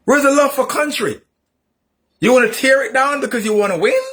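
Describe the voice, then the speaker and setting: A man delivering an opinionated political monologue, repeating himself emphatically and rising into shouts. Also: very high voice, brisk. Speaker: political commentator.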